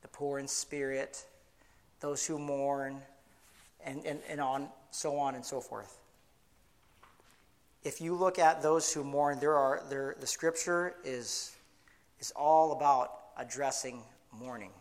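A man preaching in church, earnest, often restarting, slowing down to stress key words. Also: mid-range voice, steady tone. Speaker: pastor. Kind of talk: sermon.

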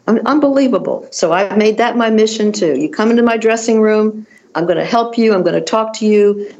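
An older woman, a fashion designer appearing as a guest, who tells animated stories and often restarts her sentences. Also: mid-range voice, muffled recording. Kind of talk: conversational storytelling.

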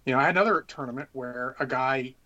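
A man's voice: mid-range voice, fast, sharp tone, muffled recording. A man co-hosting a podcast, chatting casually, cursing freely and handing out easygoing advice. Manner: laid-back, swears freely, gives advice. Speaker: podcast co-host. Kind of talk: casual chat.

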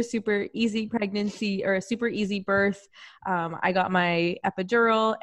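A woman in her thirties tells a personal story in casual conversation, animated and self-deprecating, and she laughs often. Her voice is mid-range. There's no room sound.

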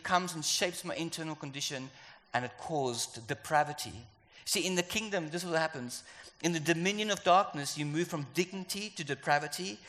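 An animated, playful South African preacher acting out voices in his sermon. His voice is bright and fairly high. It carries a long hall reverb. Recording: echoey hall.

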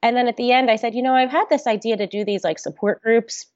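A woman's voice: a little high, quick pace, a little mellow, no echo. Woman guest, candid and earnest, fillers and restarts, dry lo-fi sound. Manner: open, earnest, talks with many restarts and fillers. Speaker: podcast guest. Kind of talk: candid conversational interview.

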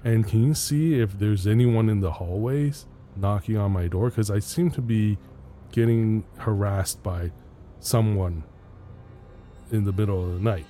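A man with a low, dark, mellow voice recounts an eerie experience in casual podcast chat. He talks in hesitant bursts and breaks into small laughs, with faint music underneath. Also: unhurried. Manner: rambling, hesitant, laughs between lines. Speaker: podcast host telling a story.

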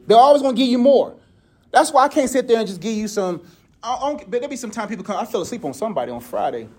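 A man preaching a casual sermon with numbered points, talking in a colloquial way and often breaking off to joke. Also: high-pitched. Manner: joking, colloquial, self-interrupting. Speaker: preacher and mentor.

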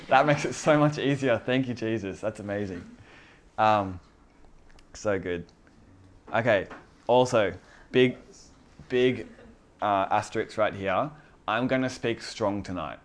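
A man with a fairly low voice gives an informal sermon to a small group. He talks earnestly and conversationally, restarting phrases and repeating key words as he goes. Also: unhurried, pauses often, a little hiss or hum. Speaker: pastor.

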